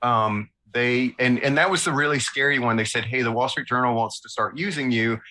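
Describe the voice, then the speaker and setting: A man with a Southern American drawl tells lively stories from his career as an interview guest. His voice is bright and forward, and he often pokes fun at himself along the way. Mid-range in pitch, he speaks in a relaxed, chatty way. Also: a little fast, low-quality recording. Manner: animated anecdotes with self-mocking asides. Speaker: illustrator guest. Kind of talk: casual storytelling interview.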